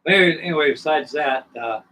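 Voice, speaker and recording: A man's voice: fairly high pitch, quick pace, sharp tone. A man in his sixties hosting a live stream, telling a long story in a rambling, casual way with many restarts. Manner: rambling, frequent restarts and asides. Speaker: host. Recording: distant mic with faint background noise.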